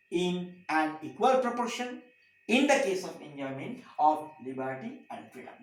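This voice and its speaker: A man's voice: reverberant, poor audio. Emphatic man lecturing. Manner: emphatic, repetitive lists, swings of pitch and loudness. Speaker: teacher. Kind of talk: classroom lecture.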